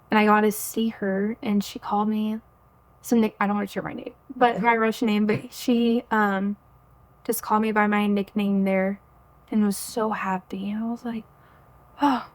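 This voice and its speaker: Earnest young woman telling a faith story. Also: mid-range voice. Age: 20s. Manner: earnest, chatty, full of "like" and quoted inner thoughts. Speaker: podcast guest. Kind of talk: personal faith story in a casual interview.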